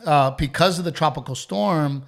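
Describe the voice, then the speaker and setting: A man hosting a podcast, telling stories in a casual, animated, profane way and acting out what people said. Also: a little high, normal speed, creaky. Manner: animated, profane, acts out quotes. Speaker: podcast host. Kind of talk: casual storytelling chat.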